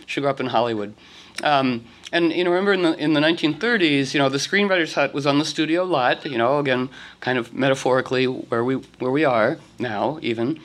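A man's voice: medium pitch, brisk, fairly bright tone. A man leading a casual talk for a group, rambling with many fillers and restarts, often laughing. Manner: rambling, full of "you know" and restarts, laughing.

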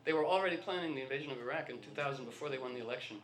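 A man's voice: mid-range voice, rapid-fire, crowd noise. A man telling rambling anecdotes in a casual talk, acting out the dialogue of the people in his stories. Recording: echoey room.

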